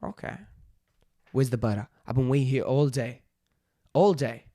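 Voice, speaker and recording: A man doing a choppy, high-voiced talking bear. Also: normal speed, gravelly, mellow, dry recording, studio quality. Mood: gruff complaining. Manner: choppy, floaty Australian-style phrasing attempt.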